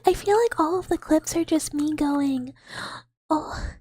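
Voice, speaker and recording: A woman hosting a live ASMR stream, chatting playfully with viewers, giggling often and drifting between soft talk and whispers into a close microphone. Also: high voice, a little slow, no room sound.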